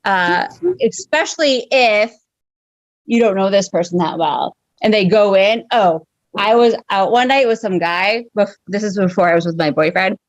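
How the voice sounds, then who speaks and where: A woman's voice: medium pitch, normal speed, dry recording, highs cut off. A woman in her thirties doing a blunt, exasperated stand-up rant over a video call, swearing constantly and padding every line with fillers. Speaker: stand-up comedian. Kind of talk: profane ranting stand-up bit.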